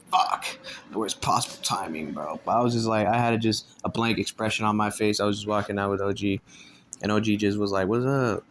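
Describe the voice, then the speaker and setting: A man's voice: lowish voice, fairly bright tone, slight background noise. A man telling a casual storytime, laid-back and swearing constantly, laughing between lines. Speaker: storyteller vlogger.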